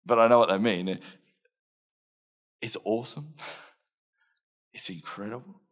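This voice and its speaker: A man's voice: on the low side, unhurried. Australian man in a dramatised sermon. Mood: lively storytelling. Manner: earnest first-person storytelling with laughs and self-mockery. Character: impulsive blunt fisherman disciple, man, young adult. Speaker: preacher.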